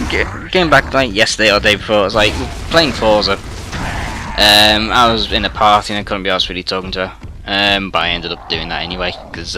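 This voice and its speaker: A man's voice: on the low side, noisy background. A young Englishman ranting on his gaming channel, rambling and sweary, full of filler words and trailing asides. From England. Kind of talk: ranting monologue.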